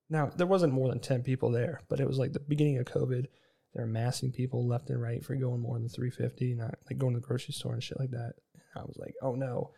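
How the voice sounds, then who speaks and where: A young man in his twenties tells loose, profane stories in a relaxed chat. His tone is mellow and warm, and he keeps slipping into quick impressions of the people he is quoting. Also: medium pitch, vocal fry. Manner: rambling, profane, acts out quoted voices. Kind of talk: casual storytelling chat.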